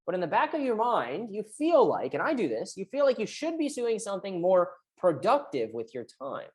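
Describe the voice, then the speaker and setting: A woman's voice: medium pitch, huge pitch swings, moderate pace. A woman physical therapist explaining recovery in a conversational way, often checking in with "right?". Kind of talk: direct-to-camera health talk.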